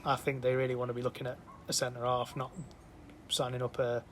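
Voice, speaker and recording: A man's voice: mid-range voice, completely flat delivery, brisk, a bit bright, slight background noise. An English man co-hosting a podcast, chatting casually and throwing in wry puns. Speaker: podcast co-host. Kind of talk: casual chat.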